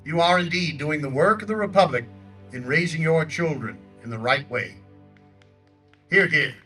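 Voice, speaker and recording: A blustering older Theodore Roosevelt, played by a male reenactor booms out a declamatory stump speech in a high, sharply bright voice. He orates outdoors in a lakeside park, caught by a distant microphone, with faint music drifting behind him. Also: moderate pace, slightly rough. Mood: rousing. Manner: booming, declamatory oratory. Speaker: historical reenactor.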